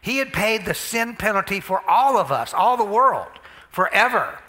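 High, bright-voiced joking preacher man. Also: normal speed. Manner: lively, joking, conversational preaching. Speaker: pastor. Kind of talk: sermon. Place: church sanctuary.

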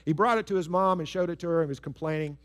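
Pastor guy giving a sermon, earnest, tells stories, kinda higher voice. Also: fast talker. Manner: earnest, storytelling, emphatic with soft drops.

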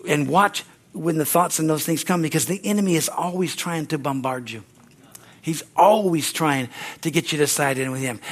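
An older man preaching a sermon as pastor, in a folksy, conversational way with frequent chuckles, speaking in a church. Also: a little high. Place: church sanctuary.

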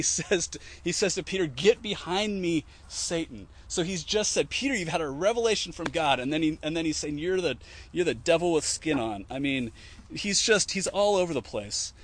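A man's voice: on the high side, a bit bright, slight background noise. A man giving an informal teaching talk, conversational, with many fillers and restarts, acting out quoted lines as he retells scenes. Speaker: Christian teacher.

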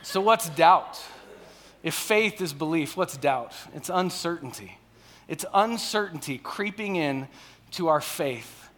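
Man preaching on stage, chatty and engaging; notably high, sharp tone. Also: lively intonation, slow pace. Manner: conversational, frequent "all right?" and "okay?" check-ins. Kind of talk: sermon.

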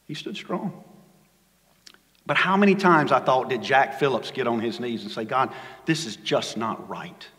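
Male pastor, mid-pitched, dynamic sermon delivery, recorded in a reverberant church hall. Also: measured pace. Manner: dynamic preaching, swings from loud emphasis to hushed low lines. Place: church sanctuary.

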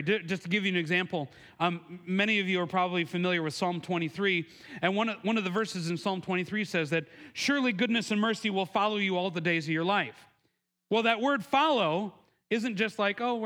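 A man preaching a sermon in an earnest, conversational way, often restarting his words and raising his voice to act out the quotes. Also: sharp tone. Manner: acts out quotes with raised pitch and emphasis. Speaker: pastor.

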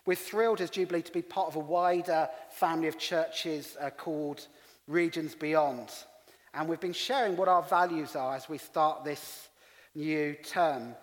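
A man's voice: a little high, fairly even intonation, unhurried. A middle-aged English man preaching as a pastor, telling stories with self-deprecating humour. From England. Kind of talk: sermon. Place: church hall. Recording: long reverb of a church hall.

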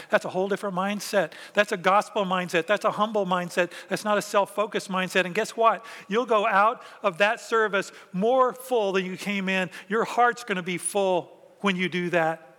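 A man's voice: high voice, fairly quick, few pauses, bright, forceful tone, big-room sound. A man preaching a conversational sermon as pastor, acting out quoted thoughts along the way. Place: church sanctuary.

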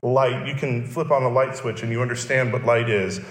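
A man's voice: medium pitch, steady tone, normal speed. A male pastor preaching a sermon, explaining and repeating key phrases for emphasis. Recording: echoey church hall.

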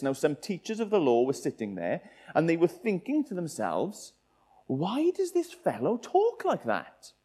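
A man's voice: fairly high pitch, darkish tone. A man preaching a sermon, asking the listeners many rhetorical questions.

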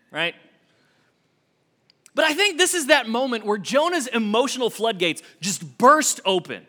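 A young adult man, an associate minister, preaching a sermon with expressive swings from emphatic to hushed. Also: very high voice, moderate pace, pauses often.

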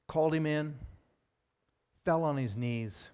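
A man preaching a sermon in an emphatic way, with sudden rises in pitch and loudness on key words. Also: takes it slowly, clean tone.

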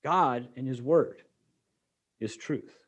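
A man's voice: medium pitch, slow pace, husky, lo-fi sound. A middle-aged man preaching a sermon as pastor, explaining scripture in a conversational way with joking asides to the congregation.

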